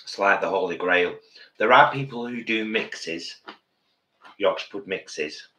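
A man's voice: low voice, a little slow, pushed and bright, roomy sound, poor audio. A man co-hosting a live vegan cooking stream, talking earnestly and directly to viewers from a home kitchen. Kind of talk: casual live-stream chat.

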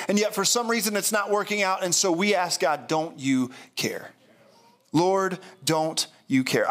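Man, pastor, sermon, higher-pitched voice, earnest, repeats himself. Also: fairly bright tone. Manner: earnest, candid preaching with frequent repeats and restarts.

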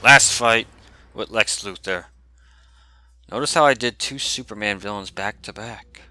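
A man giving casual gameplay commentary, excitable, swearing and shouting at the game as he plays. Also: fairly low pitch, a little slow, no echo. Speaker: video game player. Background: game music.

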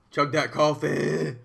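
A man in his thirties chatting casually and excitably on a live stream, often hyping and chanting. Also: on the high side, vocal fry. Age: 30s.

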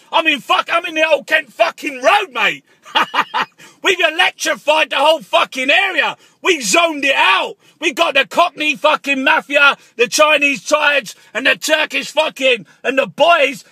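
A man, a taxi driver and artist, shouting and swearing through a comic paranoid rant on the phone. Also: very high-pitched, no echo. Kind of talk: comic ranting phone call.

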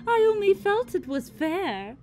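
Woman doing a sweet-talking Koopa wife, coy, syrupy, slow, high voice. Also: very animated, a little mellow, heavily acted. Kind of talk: fan-made cartoon voice acting.

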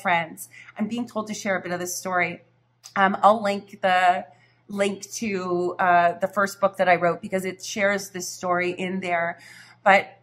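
A middle-aged woman, a spiritual reader, telling a personal story to her viewers in an earnest, reflective, unhurried way. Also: mid-range voice, a bit bright.

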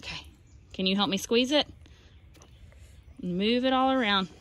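A woman's voice: fairly high pitch, a little slow, fairly bright tone. A woman art teacher demonstrating a craft project outdoors, giving patient, coaxing instructions to young children.

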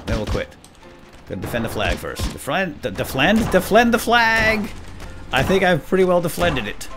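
Excitable man playing a war game, lively pitch. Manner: excitable, jokey, talks to teammates. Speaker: let's play gamer. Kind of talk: casual gameplay commentary. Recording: game music behind voice.

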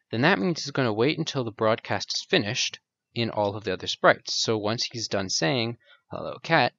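Male coding tutor, casual and self-deprecating, with a mid-pitched voice and a dull, dry lo-fi sound. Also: gravelly, a bit bright. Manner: casual, self-mocking, thinks aloud. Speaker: programming tutor. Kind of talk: screen-recorded coding tutorial.

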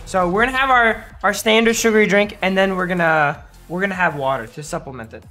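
A hoarse man streaming a game, giving hyped, trash-talking live commentary to his chat. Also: high voice, fast talker, bright, forceful tone, soft background music.

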